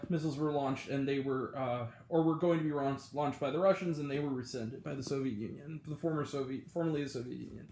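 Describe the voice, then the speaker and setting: A man with a slightly raised pitch talks through a film review in a loose, casual way, stopping often for ums and restarting his sentences. His voice rings in an echoey room. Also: a little mellow. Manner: rambling, full of ums and self-corrections. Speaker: movie review host.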